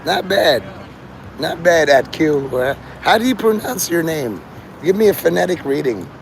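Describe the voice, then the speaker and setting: A man with a somewhat high, gravelly voice rambles through a profane, free-associating live stream. He talks straight to his chat from outdoors on a city street, with faint noise behind him. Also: big pitch swings, normal speed. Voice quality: gravelly, strained voice he calls his normal one. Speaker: livestreamer.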